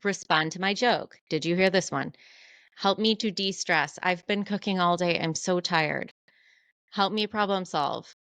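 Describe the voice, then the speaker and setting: Smooth-voiced candid woman podcast co-host. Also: lowish voice, dry recording. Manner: candid, animated, self-deprecating. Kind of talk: casual conversational podcast.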